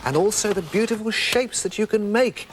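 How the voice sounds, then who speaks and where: A man's voice: high-pitched, normal speed, a little hiss or hum. A man from England presenting a children's TV show, demonstrating a craft in a playful, theatrical way.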